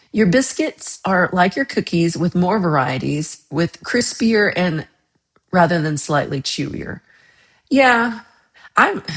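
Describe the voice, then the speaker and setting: An American woman hosting a casual livestream, reading chat comments, laughing often and trailing off into mumbles. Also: lowish voice. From United States. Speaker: livestream host.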